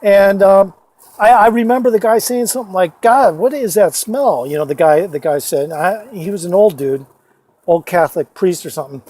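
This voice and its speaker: Profane rambling man, high voice. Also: a little fast, a little mellow. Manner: profane, rambling, many fillers and restarts. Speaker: storyteller vlogger. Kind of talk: casual rambling storytelling. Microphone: phone.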